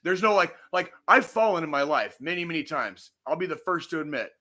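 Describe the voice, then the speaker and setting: A man's voice: on the high side, expressive, a little fast, pushed and bright. Angry swearing male podcast host. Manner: angry, profane, emphatic. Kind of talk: heated podcast rant.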